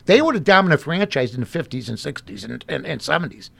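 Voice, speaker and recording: A man's voice: on the high side, animated, fast, vocal fry, a bit bright. A man from Chicago, a guest in a casual chat, telling rambling stories full of "you know, I mean" asides.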